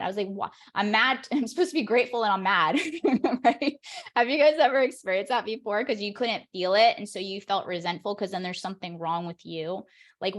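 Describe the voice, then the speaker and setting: A woman performance coach leading an online workshop over a video call, talking straight to her audience in an energetic, encouraging way. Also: mid-range voice.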